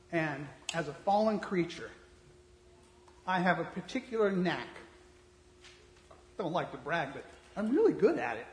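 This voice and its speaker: A male pastor giving a sermon in a blunt, conversational manner, shifting between soft asides and loud emphasis. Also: high-pitched, expressive, unhurried, pauses often. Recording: reverberant hall.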